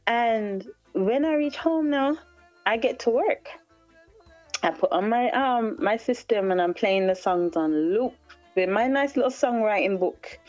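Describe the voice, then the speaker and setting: A Jamaican woman, a guest singer-songwriter, telling a story in an interview with lively energy, acting out other people's lines and laughing often. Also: mid-range voice, muffled recording.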